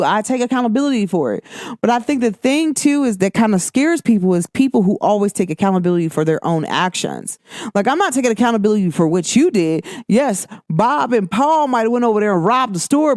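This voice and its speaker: Animated woman podcaster, dry close sound. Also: fairly high pitch, dry recording. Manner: animated, expressive, acts out quoted lines. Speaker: podcast host. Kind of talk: casual chat.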